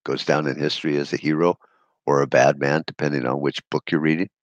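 A man's voice: extremely low pitch, fairly even intonation, brisk, no echo, dull audio. A man hosting a solo podcast, ranting bluntly and sarcastically with frequent swearing. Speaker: podcast host.

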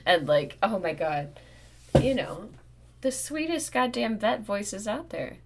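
A woman co-hosting a casual podcast chat, telling animated stories, swearing freely and mimicking other people's voices. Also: medium pitch, slow pace, very noisy. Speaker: podcast co-host. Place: Greenpoint, Brooklyn.

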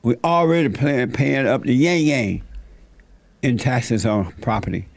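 A man's voice: mid-range voice, measured pace, creaky, no room sound. Older man hosting a dry studio talk show. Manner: teasing, laughs often, repeats points. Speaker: radio show host.

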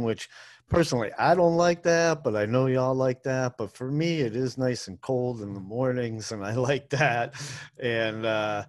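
A man hosting a solo podcast, talking in a chatty, rambling, self-deprecating way with plenty of fillers. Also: medium pitch. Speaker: podcast and radio host, food tour guide. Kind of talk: casual solo podcast monologue.

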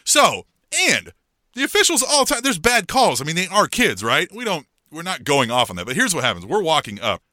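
A middle-aged man co-hosting a podcast in casual chat, telling a story in an animated way and acting out what people said. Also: fairly high pitch, brisk, no room sound, clean studio sound. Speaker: podcast co-host.

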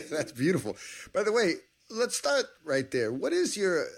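A man hosting a podcast interview, asking animated, enthusiastic questions. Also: high voice, a little slow, vocal fry. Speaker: podcast host.

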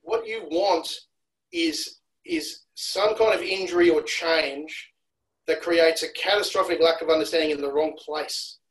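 Analytical man, slightly high voice. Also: measured pace, fairly bright tone, poor audio. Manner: analytical, repeats words when restarting. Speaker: rugby analyst guest. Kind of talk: casual podcast chat.

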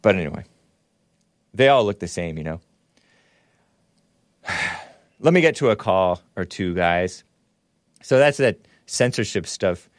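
A man's voice: low-pitched, expressive, unhurried, pauses often, no room sound, clean studio sound. A man hosting a call-in talk show, rambling and laughing as he reads comments and takes calls. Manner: rambling, laughs often, restarts mid-sentence.

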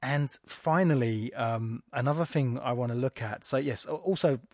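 A man talks through a poem on his podcast, a teacher who thinks aloud with plenty of fillers and restarts. His voice sits in an ordinary middle pitch. It is recorded close to the mic and sounds dry, with no room echo. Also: darkish tone. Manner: thinks aloud with fillers and restarts, slows down to read lines aloud deliberately. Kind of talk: informal poetry analysis podcast.

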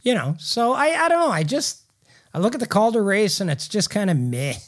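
A man's voice: high voice, big pitch swings, a little fast. A man co-hosting a casual hockey podcast, hesitant, trailing off mid-thought, with dry humor. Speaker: podcast co-host.

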